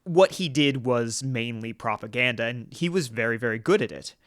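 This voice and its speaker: A man hosting a political podcast, talking in an earnest, halting way with many restarts and fillers. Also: medium pitch, lively intonation, a bit bright, no echo, clean studio sound. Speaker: podcast host.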